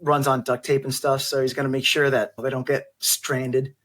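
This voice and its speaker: A man's voice: mid-range voice, little pitch movement, normal speed, fairly bright tone. A man narrating his character's actions as a player in a tabletop role-play, casual and rambling.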